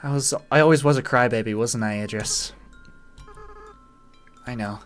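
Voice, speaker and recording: Man reads a remorseful young boy monster at middling pitch, faltering and emotional, over faint game music. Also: moderate pace, lightly acted. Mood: tearful, soft. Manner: reading game dialogue aloud with feeling, voice breaking. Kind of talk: dramatic reading of game dialogue.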